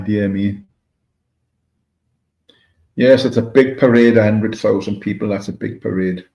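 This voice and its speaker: Warm and creaky, his lowish voice stays steady at a measured pace with long pauses as the Welsh livestream host chats casually and greets viewers by name while reading chat. It's captured in an echoey room with dull, lo-fi quality.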